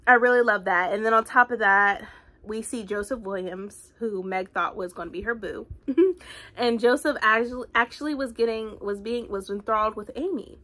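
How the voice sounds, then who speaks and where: A woman reviewing a book in a casual vlog, talking in a chatty, rambling way full of fillers, with animated asides. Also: on the high side, normal speed. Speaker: book vlogger.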